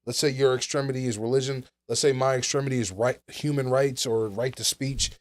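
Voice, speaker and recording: A man's voice: mid-range voice, steady tone, a little fast. A young man hosting a casual podcast chat into a studio mic, rambling with lots of restarts and fillers. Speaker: podcast host.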